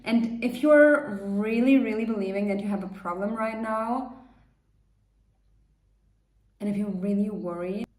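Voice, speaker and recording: A woman coach leading a guided meditation, speaking gently and reassuringly in a loose, unscripted way with frequent fillers. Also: medium pitch. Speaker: manifestation coach. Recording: roomy echo.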